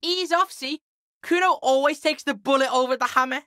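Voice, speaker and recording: A woman's voice: high-pitched, normal speed, bright, forceful tone, no room sound. A woman playing a cocky foul-mouthed street boy. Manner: brash, swaggering, talks of himself in third person. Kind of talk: video game character acting.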